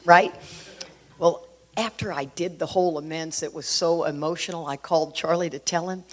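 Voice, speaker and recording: A middle-aged woman from Houston, speaking to a recovery group, telling her story in an animated way with emphatic asides. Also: sits low, normal speed. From Houston, Texas. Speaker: AA workshop speaker. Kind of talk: personal recovery talk to a group.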